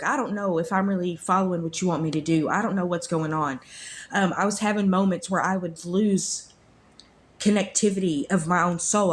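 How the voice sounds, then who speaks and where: A woman's voice: on the low side, slight background noise. A woman, earnestly telling a personal faith story in a rambling way, repeating her phrases. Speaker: vlogger sharing a faith testimony.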